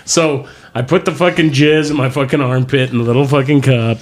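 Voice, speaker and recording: Regular-pitched guy telling a filthy story, swears a lot, does all the quotes himself. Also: fairly even intonation, fairly quick. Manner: profane, laughing storyteller who acts out quotes. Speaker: podcast host. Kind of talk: crude comedic storytelling.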